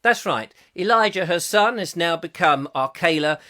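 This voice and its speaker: Chatty host, lively high voice. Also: male voice, moderate pace. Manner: rambling, chatty, jokey, often laughing. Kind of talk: comic live chat show, reading out comments.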